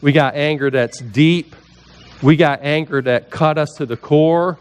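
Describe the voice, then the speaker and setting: A man's voice: a little high, unhurried, clear, resonant tone. A man preaching a conversational sermon as a pastor in a church, often asking the listeners questions and acting out the voices he quotes. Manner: chatty, asks the congregation questions, acts out quoted voices. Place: church sanctuary.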